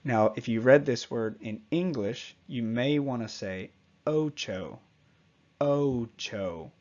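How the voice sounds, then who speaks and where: A man leads a pronunciation lesson at an unhurried, deliberate pace, patiently saying each example word twice. His voice sits in a middle register. The audio is slightly dull and muffled. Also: medium pitch, darkish tone. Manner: patient, repeats example words slowly. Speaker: Spanish teacher. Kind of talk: slow, clear pronunciation lesson.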